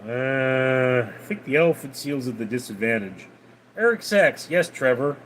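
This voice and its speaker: A man hosting a casual livestream, reading out viewer messages and replying in a deadpan way. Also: mid-range voice, moderate pace, a little hiss or hum. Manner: reads out viewer names and messages, deadpan replies. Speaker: livestream host reading chat.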